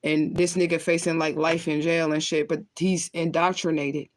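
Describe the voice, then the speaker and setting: A spiritual reader talks at a moderate pace in a low voice with little pitch movement, recorded dry. Chatting casually on her livestream, she rambles, curses, and laughs often, smoking between thoughts and talking as she lights up.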